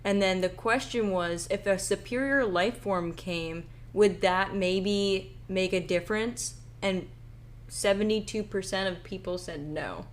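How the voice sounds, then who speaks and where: A woman's voice: medium pitch, measured pace. A woman co-hosting a podcast in plain, casual conversation. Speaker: podcast co-host.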